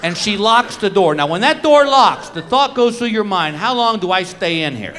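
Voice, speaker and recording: A man with a high, very lively voice tells a comic story on stage, swinging his delivery up and down between setups and punchlines. He is miked in a live club recording, with the noise of the audience clearly heard behind him. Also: moderate pace. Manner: storytelling with punchlines, brief acted quotes. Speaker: stand-up comedian. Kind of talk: stand-up comedy routine.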